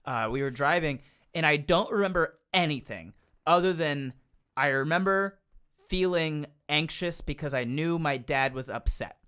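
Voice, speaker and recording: A man's voice: a little high, bright, forceful tone, clean tone. Rambling man co-hosting a podcast. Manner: loose, rambling, quick to joke. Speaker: podcast co-host, comedian. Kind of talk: casual podcast chat.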